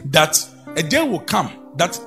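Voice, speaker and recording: A man preaching a sermon in a church, swinging between loud exclamations and low murmurs. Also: sing-song, measured pace, soft background music.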